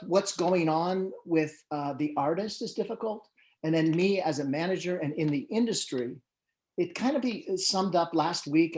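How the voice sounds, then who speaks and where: A man's voice: fairly high pitch, darkish tone. Chatty man telling stories, full of fillers. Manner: storytelling, with frequent fillers and restarts. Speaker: music manager and panel moderator. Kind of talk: conversational panel introduction.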